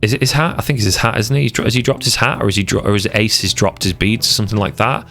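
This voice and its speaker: Very deep-voiced man rambling passionately. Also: rapid-fire, sharp tone, faint music behind. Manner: rambling, repeats and restarts words, passionate. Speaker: streamer discussing anime arcs. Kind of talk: casual unscripted commentary.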